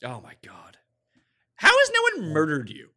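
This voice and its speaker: A man's voice: on the high side, wildly swooping pitch, normal speed, heavy background noise. A man hosting a casual podcast, talking bluntly and emphatically, with plenty of swearing. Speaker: podcast host.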